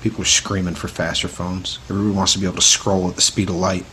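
A man's voice: sits low, little pitch movement, fast talker, pushed and bright, a little hiss or hum. A man speaking in a video clip, with a menacing, villain-like delivery. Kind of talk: ominous spoken confession.

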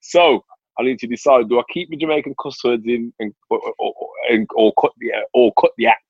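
A man's voice: medium pitch, a little fast, breathy edge, no room sound. A man talking casually on a podcast as a comedian, rambling and repeating his words. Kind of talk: casual chat. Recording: dull lo-fi sound.

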